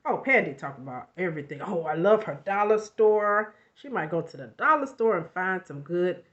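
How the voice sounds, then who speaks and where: A woman's voice: lowish voice, normal speed. Chatty woman on a lo-fi home recording. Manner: chatty, animated, with frequent asides. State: recovering from covid, coughing. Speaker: self-help YouTuber. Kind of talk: casual motivational vlog.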